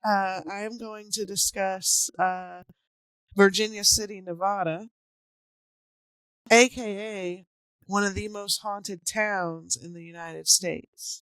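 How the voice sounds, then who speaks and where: A woman's voice: mid-range voice, fairly even intonation, slow, fairly bright tone, clear, resonant tone, no echo. Woman host, casual podcast chat, filler-heavy, dry close mic. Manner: loose, chatty, lots of fillers and laughs.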